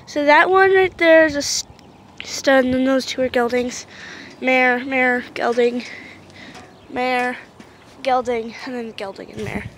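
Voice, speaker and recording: Holding a handheld camera at a horse pasture, a young woman chats and rambles through a casual chore vlog, speaking sweetly to her horses. Her voice is high-pitched, her pace measured, and she pauses often over noisy outdoor sound.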